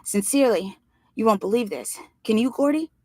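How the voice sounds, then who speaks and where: A woman reading a story aloud, voicing an excited, breathless boy who talks urgently and earnestly. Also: on the high side, fairly quick, no room sound, studio quality, pitched above the performer's own voice.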